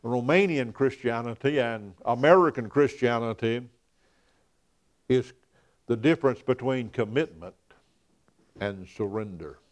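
A man playing an earnest, measured old pastor. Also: medium pitch, natural voice. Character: earnest older male pastor, persecuted.

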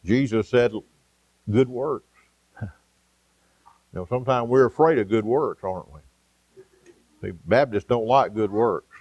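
Folksy preacher, dry close sound. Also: male voice, on the low side, lively intonation, a little mellow, no echo. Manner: folksy, storytelling, frequent "uh" pauses. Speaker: pastor. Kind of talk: sermon.

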